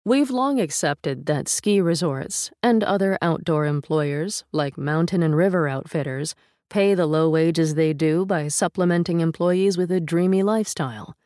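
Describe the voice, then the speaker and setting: Low-voiced woman reading a feature. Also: no echo, studio quality. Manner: measured, steady reading with a first-person reporter voice. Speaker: narrator of an audio article. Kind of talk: scripted narration.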